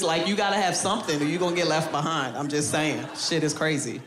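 A woman's voice: fairly low pitch, fast talker, few pauses. Brash profane woman doing stand-up. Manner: brash, profane, laughing through punchlines. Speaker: stand-up comedian. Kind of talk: stand-up comedy set. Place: comedy stage before a live audience. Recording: roomy club sound with crowd noise.

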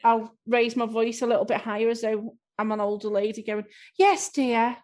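A woman's voice: a little high, little pitch movement, a little fast, a little mellow. A woman with a Scouse accent, an improv performer answering interview questions in a chatty, self-deprecating way.

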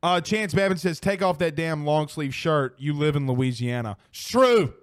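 A man's voice: fairly high pitch, expressive, moderate pace, no echo, studio quality. A young man hosting a casual sports podcast, exclaiming and swearing as he reads viewer comments. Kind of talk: casual live-stream chat.

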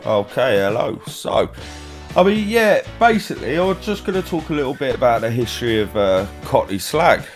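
A man's voice: mid-range voice, big pitch swings, normal speed, soft background music. A man with a London accent co-hosting a podcast, telling a story in a chatty way and laughing easily. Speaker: podcast co-host. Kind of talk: casual storytelling chat.

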